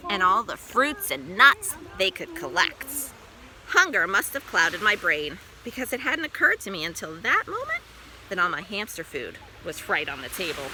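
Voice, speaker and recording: A woman's voice: mid-range voice, background noise. A woman reading a children's book aloud in first person, playful and full of exclamations. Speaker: storyteller.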